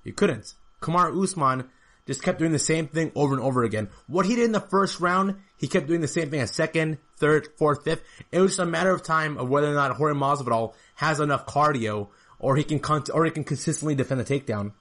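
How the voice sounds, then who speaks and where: A man's voice: a little high, a little fast, fairly bright tone. A man hosting a solo podcast, recapping a fight in casual talk and repeating numbers and points for emphasis. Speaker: podcast host.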